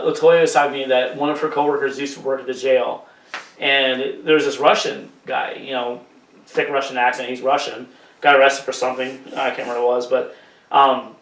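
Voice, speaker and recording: A man's voice: medium pitch, fairly even intonation, brisk, a bit bright, distant mic. A man co-hosting a podcast, telling stories in casual, profane, joking talk. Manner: profane, jokey storytelling with put-on voices. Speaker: podcast co-host. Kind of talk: casual chat. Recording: roomy, off-mic.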